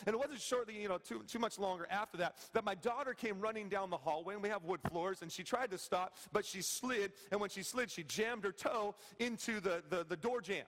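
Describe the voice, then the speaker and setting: A male pastor in his thirties with a fairly high voice, preaching in a casual, joking way and often asking the congregation "right?". His voice carries a long reverb from the church hall. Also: a little fast, few pauses, fairly bright tone. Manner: conversational, joking, frequent "okay?" and "right?" asides to the congregation. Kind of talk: sermon. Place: church sanctuary.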